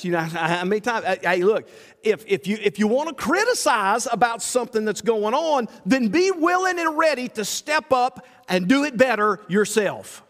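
A man's voice: very high-pitched, a bit bright. A man preaching a sermon as a pastor, asking rhetorical questions and repeating himself as he builds his points. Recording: long hall reverb.

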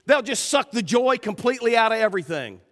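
A man preaches to his congregation in a high, lively voice that swoops up and down. He slips into the voices of people in his stories as he goes. The sound carries a long reverb from a large hall. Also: quick pace. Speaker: pastor. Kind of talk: sermon.

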